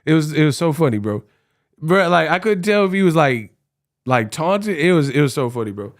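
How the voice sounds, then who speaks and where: A man's voice: on the high side, sing-song, fairly quick. A young man giving casual boxing commentary, slangy and laughing often, calling listeners bro and y'all. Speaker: boxing vlogger.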